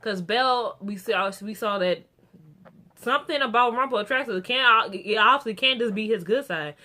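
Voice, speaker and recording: A woman's voice: on the high side, normal speed. A young woman recapping a TV episode in a casual, rambling way, full of restarts and fillers. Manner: gets excited and animated about the characters. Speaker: TV show reviewer.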